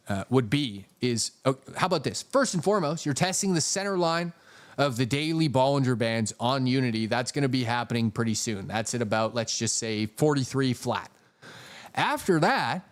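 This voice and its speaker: A man hosts a casual trading live stream, walking through charts and thanking viewers for super chats. He swears freely and jokes as he goes. His voice sits at an ordinary pitch for a man. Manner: profane, jokey, reads super chats aloud.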